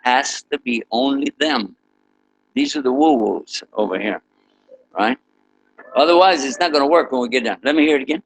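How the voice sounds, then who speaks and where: A man's voice: medium pitch, normal speed, long pauses, slight background noise, poor audio. A man preaching to students through an interactive story, leading them in sound effects and asking them questions. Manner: animated, leads the audience in sound effects; asks the audience questions. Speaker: Islamic preacher teaching students.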